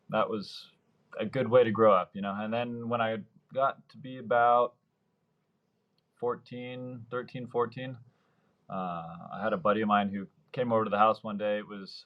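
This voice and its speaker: A man's voice: on the low side, highs cut off. Man in his thirties, rambling storyteller. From Mexico, Baja California Sur. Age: 30s. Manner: rambling anecdotes, acts out quoted voices. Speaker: surf fishing guide. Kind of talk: casual interview storytelling.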